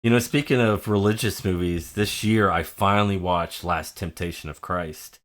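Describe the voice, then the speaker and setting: A man's voice: low-pitched, fairly even intonation, a bit bright. A man co-hosting a film podcast, chatting casually and laughing often, now and then mimicking other voices. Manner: laughing, enthusiastic, does quick mock voices. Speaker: podcast co-host. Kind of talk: casual chat.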